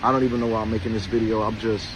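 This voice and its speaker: A man speaks in a lowish voice in an emotional video message, halting and close to tears. He stumbles and repeats himself as he struggles for words. Traffic noise runs steadily behind him. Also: little pitch movement. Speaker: social media creator.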